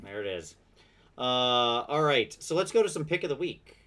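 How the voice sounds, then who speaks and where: Bright-voiced chatty man. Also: medium pitch, big pitch swings. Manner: chatty, quick asides, self-deprecating laughs. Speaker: podcast host. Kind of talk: casual chat.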